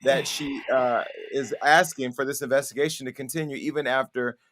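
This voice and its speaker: A male host giving measured commentary and setting up a clip. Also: medium pitch, fairly even intonation, fairly bright tone, slight background noise. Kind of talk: news commentary introducing a clip.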